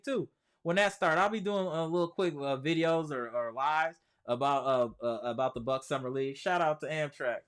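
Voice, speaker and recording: A man's voice: medium pitch, normal speed, clean tone. A man hosting a casual sports live stream, reading viewer comments aloud and answering them in a chatty, slangy way, repeating his points for emphasis. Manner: emphatic repetition, slangy speech. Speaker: sports channel host.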